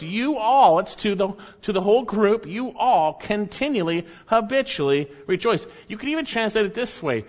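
High-voiced man preaching a sermon. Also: expressive, a bit bright, long reverb tail, muffled recording. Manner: emphatic, repeats key phrases, slows to stress words. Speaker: pastor.

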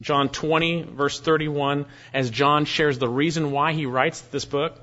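A man preaching an expository sermon, reading verses aloud with slow, deliberate emphasis. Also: fairly high pitch, fairly even intonation, sharp tone. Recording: dull lo-fi recording.

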